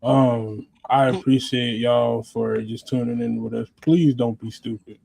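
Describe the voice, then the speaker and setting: A man's voice: medium pitch, steady tone, unhurried, vocal fry, dark tone, husky, low-quality recording. A man co-hosting a casual livestream, laid-back and hesitant, with many "um"s. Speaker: podcast co-host.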